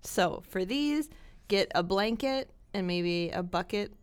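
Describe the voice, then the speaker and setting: A woman co-hosting a casual talk show, recommending feel-good films in a bubbly, animated way and laughing often. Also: mid-range voice, takes it slowly, clear, resonant tone. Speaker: podcast co-host.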